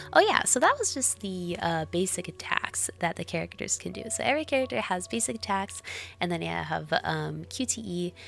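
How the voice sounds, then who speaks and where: A woman's voice: lowish voice, vocal fry, fairly bright tone. A young woman streaming a video game, chatting casually and giggling with her viewers. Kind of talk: casual live-stream chat while gaming.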